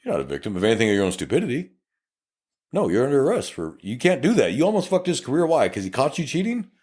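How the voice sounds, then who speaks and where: In a fast, mid-range voice with a breathy edge, the podcast co-host, a police officer with a South Texas accent, spins a profane, animated story, playing out the dialogue in casual chat.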